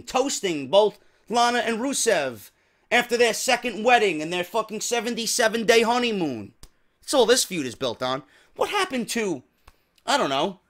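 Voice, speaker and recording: A man's voice: high-pitched, fairly bright tone. A man with a New York accent hosting a wrestling podcast, ranting profanely and firing off rhetorical questions. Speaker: podcast host.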